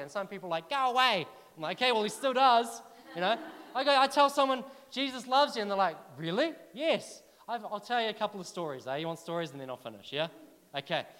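A man preaching a sermon, telling personal stories in a chatty, animated way and asking the listeners questions. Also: sits high, in a large hall. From New Zealand.

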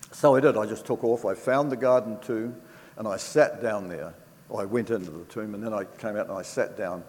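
An older man giving a personal faith testimony to an audience, telling it earnestly and from the heart, with pauses and restarts. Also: fairly low pitch, darkish tone. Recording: reverberant hall with faint background noise.

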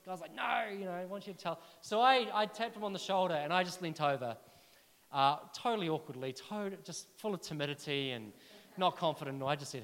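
A man preaching a sermon, telling personal stories in a chatty, animated way and asking the listeners questions. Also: high-pitched, fairly quick, in a large hall. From New Zealand.

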